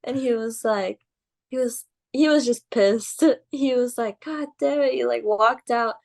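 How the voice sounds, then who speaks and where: A young woman, a guest in a casual interview, telling stories in an animated way, with many "like"s and "um"s and laughter along the way. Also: fairly high pitch, a little slow, creaky. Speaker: guest, pro wrestler.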